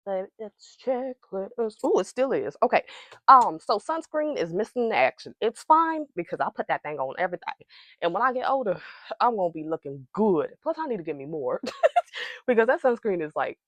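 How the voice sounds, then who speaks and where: In her makeup vlog, a young beauty vlogger giggles, bounces hyperactively between topics and chats casually with viewers. Her mid-range voice is a bit bright, captured on a wireless receiver mic without echo.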